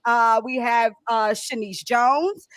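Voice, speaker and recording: A woman co-hosting a radio talk show, chatting casually and excitably and laughing often. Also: a little high, slow, no echo. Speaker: podcast co-host.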